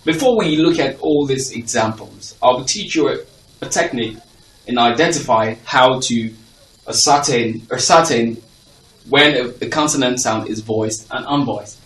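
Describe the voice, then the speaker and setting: A man's voice: mid-range voice, measured pace, a bit bright. A male teacher giving a phonics lesson to a class. He repeats example words with stress and checks that the class is following. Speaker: English teacher. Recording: echoey room, voice from a distance.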